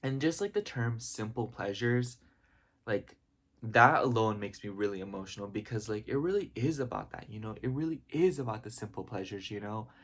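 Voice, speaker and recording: A man's voice: fairly low pitch, animated, moderate pace, fairly bright tone. Rambling emotional young man vlogging. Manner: rambling, heavy use of "like" and "you know"; openly emotional, gushing. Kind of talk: casual heartfelt vlog chat.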